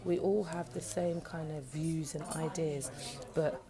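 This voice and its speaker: A woman's voice: low-pitched, fairly even intonation, a little slow. A woman chatting casually to camera while eating breakfast in a café. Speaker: vlogger. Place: busy café. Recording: phone in a noisy café. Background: café crowd chatter.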